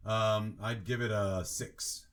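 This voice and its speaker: A man joining a movie podcast, giving brief, measured opinions. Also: on the low side, fairly even intonation, fairly bright tone. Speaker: podcast guest. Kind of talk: casual movie chat.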